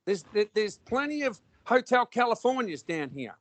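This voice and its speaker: A man's voice: high-pitched, big pitch swings, moderate pace, a bit bright, no room sound. A man with an Australian accent in casual conversation, talking bluntly and rambling with lots of restarts and slang.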